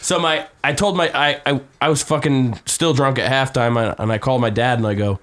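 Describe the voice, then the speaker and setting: A man's voice: medium pitch, fairly even intonation, brisk, hardly any pauses, a bit bright. A drunk man on a casual podcast, telling a rowdy, profane story and acting out the quotes. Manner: rowdy storyteller, swears a lot, acts out quotes. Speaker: podcast host.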